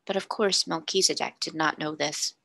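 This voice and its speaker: Gravelly, bright-voiced woman reading aloud. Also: deep voice, no room sound. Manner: measured, expressive narration. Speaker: storybook reader. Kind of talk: reading a classic novel aloud.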